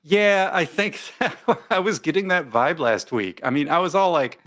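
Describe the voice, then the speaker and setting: A man's voice: fairly high pitch, animated, moderate pace, hardly any pauses, fairly bright tone. A man hosting a casual live commentary stream, joking, rambling, and reading viewer comments aloud.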